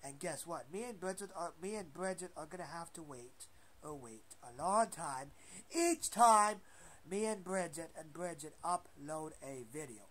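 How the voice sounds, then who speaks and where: A man at his computer rambling and scolding his upload buttons and a fan, repeating himself with sudden loud outbursts. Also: a little high, a little slow. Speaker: home video maker. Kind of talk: rambling scolding monologue to objects. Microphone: built-in webcam mic. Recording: loud steady background noise with clicks.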